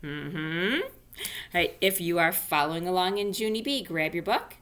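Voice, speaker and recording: A woman teaching an online class for young children from home, animated and sing-song, speaking slowly and carefully. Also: lowish voice. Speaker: elementary school teacher. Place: home room.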